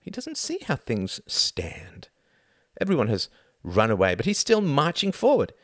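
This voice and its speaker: A man's voice: mid-range voice, huge pitch swings, unhurried, a bit bright, no room sound, studio quality, voice pushed up. A man reading the part of a weary, cynical older aristocratic diplomat with a sardonic drawl.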